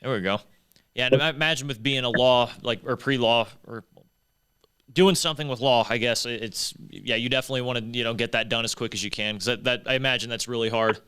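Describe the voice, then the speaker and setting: A man's voice: medium pitch, fairly even intonation, fast, bright, forceful tone, clear, resonant tone, no room sound. A man hosting a podcast, asking questions in a laid-back, slangy way. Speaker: podcast host. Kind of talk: casual chat.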